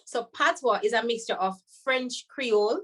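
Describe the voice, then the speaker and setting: Woman, Jamaican accent, podcast guest, animated, laughs easily, higher voice. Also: normal speed. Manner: animated, laughs often, slips into patois when quoting. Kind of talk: podcast conversation.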